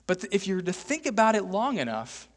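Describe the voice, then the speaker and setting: In an echoing church sanctuary, a male Texan pastor makes fun of himself through a chatty sermon, repeatedly throwing "right?" at the congregation. He speaks high, brisk, and very animated.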